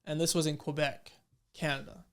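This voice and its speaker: A young man casually telling a story as he reacts to his old videos, lively and full of fillers, acting out what people said. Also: a little high, moderate pace, background noise. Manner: animated storyteller, acts out quoted exchanges, many fillers.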